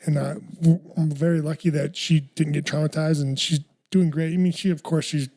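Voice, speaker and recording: A man's voice: fairly high pitch, steady tone, a little fast, vocal fry, dark tone. A man co-hosting a podcast, telling rambling stories in casual chat, repeating himself and swearing freely. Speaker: podcast co-host.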